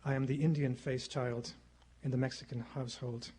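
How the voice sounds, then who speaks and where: A middle-aged man giving a formal public lecture at a podium microphone in a lecture hall, speaking in a measured, rhetorical way and repeating phrases for effect. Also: mid-range voice, little pitch movement, a little mellow, slight background noise. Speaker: guest lecturer.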